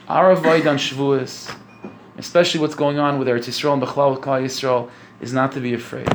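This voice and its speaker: A man's voice: medium pitch, steady tone, brisk, slight background noise. A man, a religious speaker, giving a conversational storytelling sermon, often repeating phrases and checking in with his listeners. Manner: conversational, repeats phrases, asks "you know what I'm saying?".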